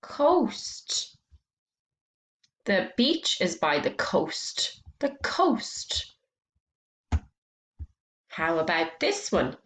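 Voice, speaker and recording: A woman leads a phonics lesson for young children, speaking slowly and clearly and drawing out each sound. Her voice rises and falls a great deal as she encourages them. The recording has a noticeable echo from the room. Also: fairly low pitch, sing-song, a bit bright. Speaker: teacher.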